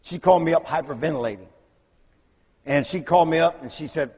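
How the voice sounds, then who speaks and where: A man preaching, telling lively stories and acting out the voices of the people in them. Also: a little high, brisk, slightly rough. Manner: animated storyteller, acts out voices in quotes. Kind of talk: storytelling sermon. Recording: long hall reverb.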